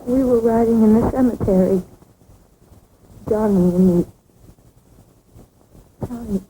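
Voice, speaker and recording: An actress playing a young woman in shock, halting and breathless, repeating herself and breaking into tears, on a hissy 1960s film soundtrack. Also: on the high side, mellow, low-quality recording. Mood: dazed. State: crying. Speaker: horror film character.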